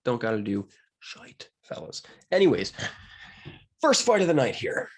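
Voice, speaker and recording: A man's voice: measured pace, slightly rough. A young man from Pennsylvania chatting casually and jokingly about fight betting picks, with big swings in his delivery. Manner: animated, jokey, wide swings in pitch. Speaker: sports betting commentator. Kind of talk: casual solo betting talk.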